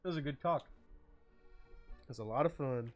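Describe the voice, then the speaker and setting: A young man hosting a casual streaming podcast, rambling and joking, dropping to a mumble and then jumping into loud bursts. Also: mid-range voice, moderate pace, faint music behind. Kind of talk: casual chat.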